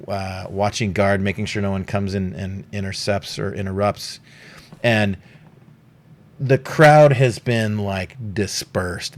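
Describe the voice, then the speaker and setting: A man narrating a tabletop game as game master, casual and rambling with lots of fillers and swearing. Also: lowish voice.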